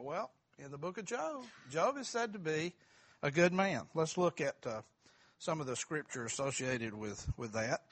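A man's voice: medium pitch, sing-song, moderate pace, fairly bright tone. A middle-aged man teaching a church Bible class, joking and quizzing the group. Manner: folksy, asks the group questions, self-deprecating humor.

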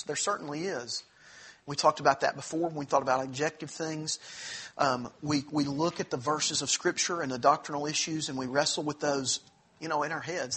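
A man's voice: fairly high pitch, a bit bright, slightly rough. A man teaching a church Bible class in an earnest, conversational way, with asides and restarts.

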